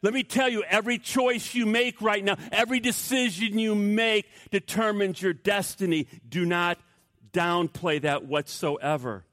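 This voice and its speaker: A male pastor delivering a sermon with a fairly high voice, pressing his points by repeating key phrases. He rises to emphatic peaks, then drops to a hushed tone, and the sound is dry and close. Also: unhurried, dry recording.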